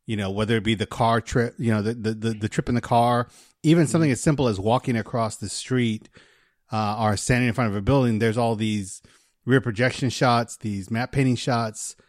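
A man's voice: mid-range voice, fairly even intonation, brisk, no room sound, studio quality. A man co-hosting a casual film podcast, speaking in an easygoing, agreeable way with plenty of fillers. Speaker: podcast co-host. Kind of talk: casual chat about film.

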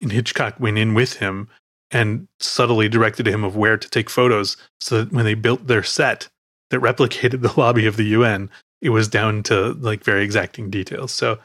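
A man's voice: lowish voice, fairly even intonation, moderate pace, fairly bright tone, no echo, studio quality. A man hosting a film podcast in casual chat, rambling, correcting himself and laughing often. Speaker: podcast host.

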